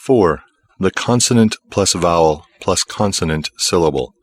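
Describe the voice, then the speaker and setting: Deep-voiced man narrating a language lesson. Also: animated, no room sound. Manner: measured, explanatory. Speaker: course narrator. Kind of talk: scripted instructional narration.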